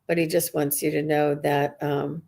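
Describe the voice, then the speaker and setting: Frau mit tiefer Stimme, ernst plaudernd. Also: female voice, low voice, flat delivery, moderate pace, gravelly, dark tone. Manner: earnest, rambling, many restarts and fillers. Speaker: psychic medium. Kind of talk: live-stream reading for viewers.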